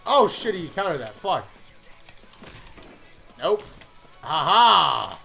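Frustrated young man yelling at a game. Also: on the high side, expressive, normal speed, soft background music. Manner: loud, cursing, easily frustrated outbursts. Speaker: gaming commentator. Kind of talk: live gameplay commentary.

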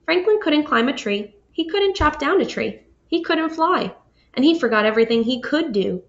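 Woman reading a picture book aloud. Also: normal speed. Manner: expressive, asks listeners questions, raises pitch for characters' lines. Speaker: storybook reader. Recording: dull lo-fi audio.

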